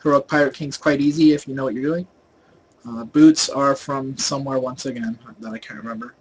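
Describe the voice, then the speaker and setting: A man's voice: mid-range voice, fairly quick, slight background noise, poor audio. A young man casually talking through a game guide over his screen, rambling with lots of fillers and restarts, his volume rising and falling. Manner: volume rises and falls a lot. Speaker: gaming video host.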